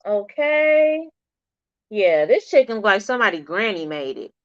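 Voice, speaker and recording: A woman's voice: mid-range voice, normal speed, no echo. Chatty woman hosting a livestream. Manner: chatty, animated, talks back to viewers' comments. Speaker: livestream host. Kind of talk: casual livestream chat. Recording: dull, slightly lo-fi stream audio.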